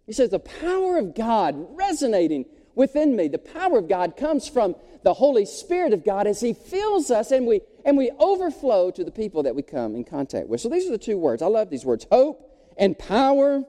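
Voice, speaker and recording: A man preaching a sermon as pastor, animated, folksy and joking. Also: sits high, moderate pace. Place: church sanctuary. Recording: long reverb of a large hall.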